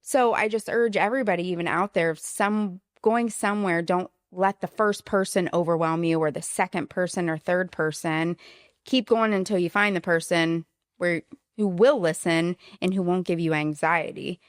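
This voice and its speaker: A woman's voice: on the low side, moderate pace, no echo, clean studio sound. A woman hosting a podcast, telling a client story earnestly with hesitant fillers. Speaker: podcast host. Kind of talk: casual podcast chat.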